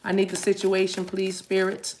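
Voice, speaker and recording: A woman's voice: mid-range voice, completely flat delivery, normal speed, darkish tone, slight background noise. A woman giving a live tarot reading, talking straight to her viewers in a chatty, spiritual way. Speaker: tarot reader.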